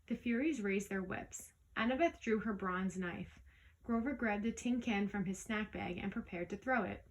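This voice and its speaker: A woman's voice: medium pitch, normal speed, rough recording. Woman reading a storybook aloud. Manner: lively first-person narration with small misreads and self-corrections. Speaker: audiobook reader. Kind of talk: storybook read-aloud narration.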